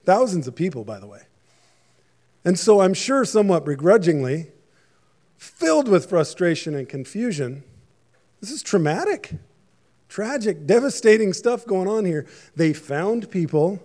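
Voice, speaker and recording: A man's voice: high voice, sing-song, measured pace, a little mellow. A man preaching a sermon in a conversational, joking way, with frequent asides to the congregation. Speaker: pastor.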